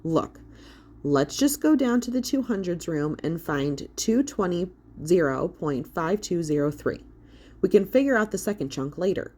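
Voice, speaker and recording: A woman's voice: fairly low pitch, expressive, moderate pace, darkish tone. A woman voicing a practical, organized boy who speaks matter-of-factly for an audiobook.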